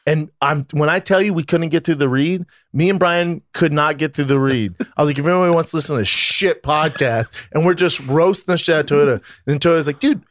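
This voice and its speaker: A man's voice: a little high, brisk, few pauses, dry recording, clean studio sound. A man co-hosting a podcast, telling profane stories in casual chat. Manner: loud, profane storyteller. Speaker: podcast co-host.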